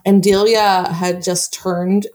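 A woman's voice: mid-range voice, level tone, slow pace, darkish tone. A woman co-hosting a podcast, telling chatty, giggly stories in casual conversation. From Ohio, USA. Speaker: podcast co-host. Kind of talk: casual storytelling.

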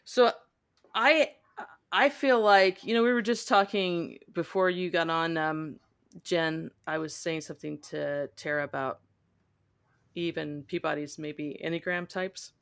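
A woman hosting a casual book discussion, talking in a halting way with lots of fillers. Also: deep voice, fairly even intonation, creaky, smooth, dry recording, studio quality. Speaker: podcast host. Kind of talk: casual book-club chat.

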